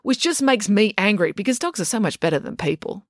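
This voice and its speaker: A woman's voice: mid-range voice, expressive, brisk, no echo, studio quality, pitched above the performer's own voice, close to an everyday voice. A woman voicing a defiant, sarcastic schoolgirl who argues back at every turn. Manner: argumentative, sardonic.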